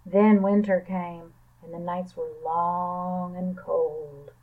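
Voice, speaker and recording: A woman librarian reading a children's picture book aloud in a calm, even storytelling manner. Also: lowish voice, slow. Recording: tinny phone-like sound.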